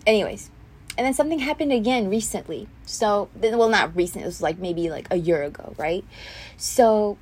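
Young woman, podcast host, heated and indignant, rambling with fillers, mid-pitched voice. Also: moderate pace, a little mellow, slightly rough. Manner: heated, indignant, talks with many fillers and restarts. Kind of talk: solo podcast storytelling.

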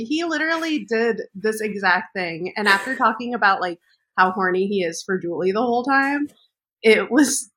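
A young adult woman co-hosting a casual podcast, talking in an animated, emphatic and playful way. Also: on the high side. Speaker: podcast co-host. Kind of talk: casual chat about a reality show.

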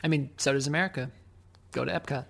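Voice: mid-range voice, quick pace, vocal fry, a bit bright. Podcast co-host, wry and sarcastic, easygoing everyday voice. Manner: teasing, wry, sarcastic quips. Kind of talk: casual podcast chat.

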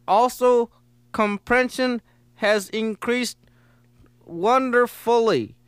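A man playing an over-earnest customer in a spoof radio ad, halting as he reads. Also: very high-pitched, fairly bright tone, clean tone, no room sound, full character voice. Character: earnest speed-reading ad testimonial man.

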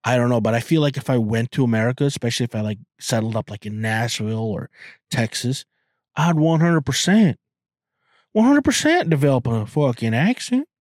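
This Canadian man hosts a podcast in a casual, rambling, foul-mouthed way, repeatedly stammering and restarting. His mid-range voice is expressive, a little fast and slightly mellow, on a dry, clean studio recording.

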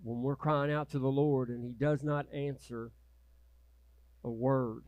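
A male pastor preaching a passionate sermon, moving from loud, urgent appeals to hushed, quiet prayer. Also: medium pitch, fairly even intonation, a little slow, no echo, muffled recording.

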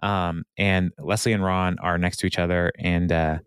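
A man with a fairly low voice chats casually on a podcast, recapping an episode. He rambles loosely, with lots of fillers and quick laughs. The sound is close and dry. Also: little pitch movement, clear, resonant tone, no room sound. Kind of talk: casual chat.

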